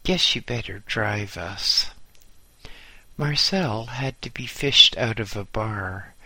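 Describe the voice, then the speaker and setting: Man, audiobook memoir narrator, dry humor, unhurried, bright, dry close mic. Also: on the low side, no echo. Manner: slow, measured, dryly humorous.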